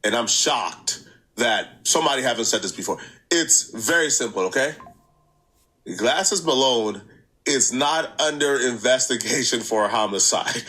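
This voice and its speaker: A man running a reaction channel offers casual, animated commentary at a measured pace, laughing easily and repeating points for emphasis. His voice is mid-range, and the recording is rough.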